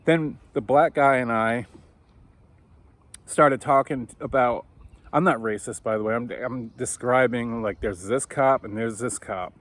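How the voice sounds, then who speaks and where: Over coffee, a man with a medium-pitched voice tells a personal story in an unhurried, casual way. He gets animated and swears, acting out the voices of the people he quotes.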